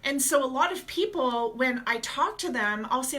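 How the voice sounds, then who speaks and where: A woman gut health coach giving casual, energetic advice straight to her viewers in a chatty vlog. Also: high-pitched, moderate pace, few pauses.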